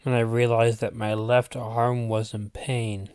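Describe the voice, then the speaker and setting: Slow, unhurried male storyteller. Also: medium pitch, flat delivery, a little mellow, clean tone, no room sound. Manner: unhurried, deliberate reading with asides. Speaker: channel host reading his own story. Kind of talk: storytelling narration.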